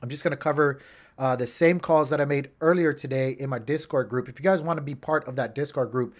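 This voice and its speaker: A man's voice: medium pitch, brisk. A man hosting a casual livestream, rambling through charts, talking to his chat and muttering to himself when his gear acts up. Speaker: crypto livestream host.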